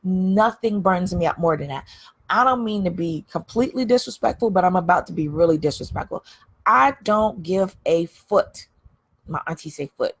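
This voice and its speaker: A woman's voice: lowish voice, animated, brisk, husky. A woman hosting a candid livestream, talking bluntly and emphatically, repeating phrases to drive her points home. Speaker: livestream host.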